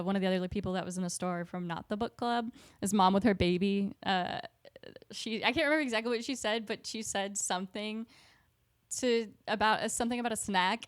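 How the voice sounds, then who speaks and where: A woman's voice: mid-range voice, smooth, no room sound. Chatty woman podcaster, dry mic. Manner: chatty, with many fillers and giggles. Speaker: podcast co-host. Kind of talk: casual chat.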